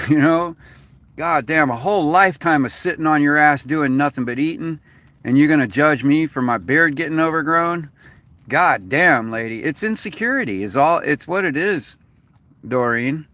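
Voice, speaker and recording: A man's voice: fairly high pitch, animated, moderate pace, sharp tone. Foul-mouthed ranting man. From United States. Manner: profane, rambling, frustrated venting. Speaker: vlogger. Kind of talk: casual rant to camera.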